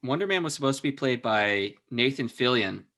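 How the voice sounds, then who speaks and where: A man's voice: mid-range voice, animated, a little fast, sharp tone. A man on a comic discussion podcast, chiming in with short, dry remarks. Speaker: podcast co-host. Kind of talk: casual chat.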